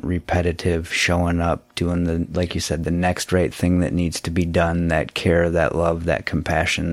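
Deep, flat-voiced man reflecting aloud. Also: dry recording. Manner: reflective, halting with fillers. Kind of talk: casual faith discussion.

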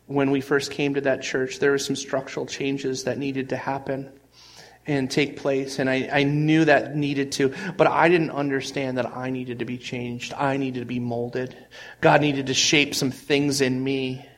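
Man, pastor, sermon, earnest, conversational, frequent restarts, shifting loudness. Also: mid-range voice, level tone, unhurried.

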